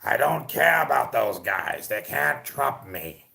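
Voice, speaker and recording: A man impersonating a boastful elderly boxing promoter, speaking slowly and gloatingly. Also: mid-range voice, sing-song, gravelly, bright, forceful tone, heavily acted. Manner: slow, gloating, swaggering.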